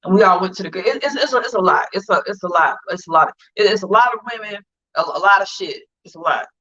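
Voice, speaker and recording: A woman's voice: mid-range voice, fast talker, pushed and bright. Blunt, profane woman telling a story. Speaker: guest. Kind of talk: casual storytelling chat. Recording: dull lo-fi livestream audio.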